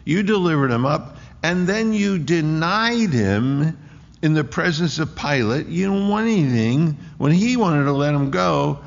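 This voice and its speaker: A man preaching a sermon in an emphatic way, often restarting with quick repeated words. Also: fairly high pitch, lively intonation, creaky. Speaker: pastor. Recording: echoey hall, dull lo-fi sound.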